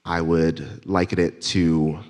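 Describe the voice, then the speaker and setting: Man, very low pitch, informal sermon, self-deprecating humor, church sanctuary. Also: flat delivery, slow pace, darkish tone. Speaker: lay speaker delivering the church message.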